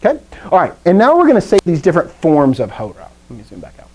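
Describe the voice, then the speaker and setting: A woman's voice: lowish voice, wildly swooping pitch, fast, a little mellow. A woman teacher leads a live lesson over a video call, chatty and joking as she quizzes her class.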